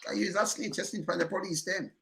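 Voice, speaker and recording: A man's voice: high voice, fairly even intonation, fast, creaky, background noise. A Jamaican man giving heated, emphatic commentary in patois, repeating himself and cursing often.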